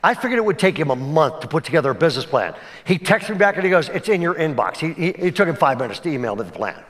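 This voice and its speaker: Pastor with a higher male voice, preaching. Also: sing-song, quick pace. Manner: swings between emphatic and hushed delivery; direct, conversational, often checks in with "okay?". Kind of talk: sermon storytelling.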